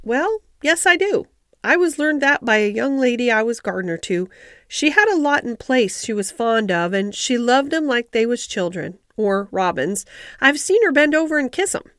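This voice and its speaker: Ben Weatherstaff, a woman doing a gruff old Yorkshire gardener. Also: on the high side, animated, fairly bright tone, dry recording, studio quality. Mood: grudging. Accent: Yorkshire dialect. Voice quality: gruff, grumbling. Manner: slow, reluctant, terse. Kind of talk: audiobook character voice.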